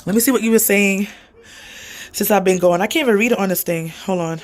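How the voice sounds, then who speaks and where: A woman's voice: mid-range voice, brisk. A young woman vlogging casually while she cleans, rambling and chatty, talking to a child off camera and reading comments aloud.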